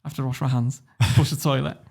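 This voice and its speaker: A man with a British English accent, a podcast guest telling a story in a blunt, sweary and animated way. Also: mid-range voice, quick pace, vocal fry. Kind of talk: casual storytelling.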